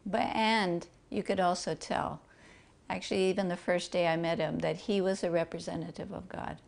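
A woman fondly recalling a personal memory, talking in a warm, reflective way. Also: lowish voice, steady tone, moderate pace, vocal fry. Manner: warm, fond, laughs softly. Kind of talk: reflective storytelling.

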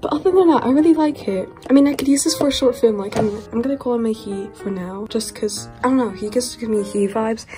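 A young woman from the UK talks through an unboxing in a fast, gushing ramble, her voice sitting a little high. Soft music plays behind her. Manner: gushing, rambling, squeals and laughs. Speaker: toy collector vlogger. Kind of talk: excited unboxing chat.

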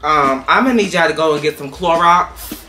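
A man's voice: a little high, fairly quick, a little hiss or hum. A man gives sassy, emphatic reaction commentary while reviewing a dance team's performance. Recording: voice over loud band music.

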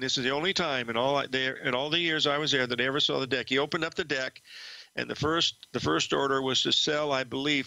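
Gravelly older man telling trading stories. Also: medium pitch, sharp tone, dry recording, rough recording. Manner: rambling, halting with many restarts and fillers. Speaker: trading show host. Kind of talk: storytelling market commentary.

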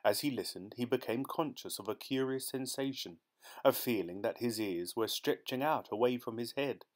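Male audiobook narrator, measured storytelling, middle register. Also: medium pitch. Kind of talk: scripted narration.

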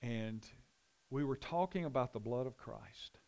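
A man's voice: medium pitch, lively intonation, measured pace, creaky, a little mellow. A middle-aged man, a pastor, teaching a Bible study and telling a rambling story full of restarts.

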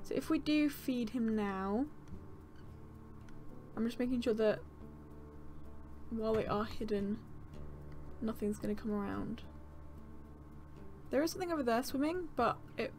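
A woman narrates her gameplay in a slightly high voice, fretting aloud to herself as she plays. Faint game music sits quietly behind her. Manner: anxious, fretful, talks to herself while playing. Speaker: gaming channel host. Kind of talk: let's-play commentary.

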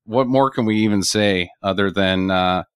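A man's voice: fairly low pitch, normal speed, clear, resonant tone, dry recording, clean studio sound. A man hosting a casual podcast chat, blunt and sarcastic, swearing freely. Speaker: podcast host.

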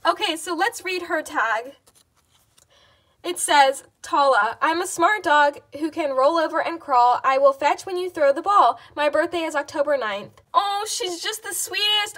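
A woman with a very high, bright voice unboxes fan mail on her vlog. She gushes and gasps with excitement, repeating how cute everything is. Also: normal speed. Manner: gushing, gasping, repeats "oh my gosh".

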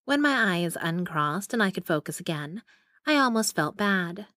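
A woman's voice: fairly low pitch, big pitch swings, moderate pace, fairly bright tone, no room sound. A young adult woman narrating a first-person romance audiobook in an intimate, wry manner on a close mic.

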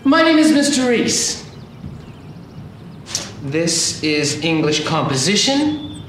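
An actor playing a formal male high school English teacher who takes the class roll in a clipped way. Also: sing-song, slow, fairly bright tone, reverberant, distant mic, a little hiss or hum, heavily acted.

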